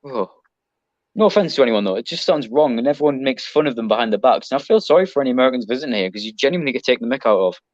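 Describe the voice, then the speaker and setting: A man's voice: mid-range voice, expressive, rapid-fire, dry recording, highs cut off. A man with an English accent, a podcast guest, chatting casually and rambling with lots of ums and restarts. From Britain. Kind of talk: casual chat.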